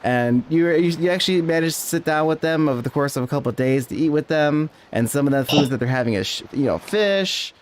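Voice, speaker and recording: A man's voice: a little high, animated, a little fast, hardly any pauses. A man narrating a tabletop game as game master, rambling and often correcting himself.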